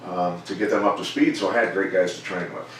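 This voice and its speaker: Recorded far from the mic in an echoey gym, a middle-aged coach who used to fight recounts stories during a relaxed interview. His low voice stays measured and plainspoken, turning animated when he imitates others, and some slight noise sits in the background.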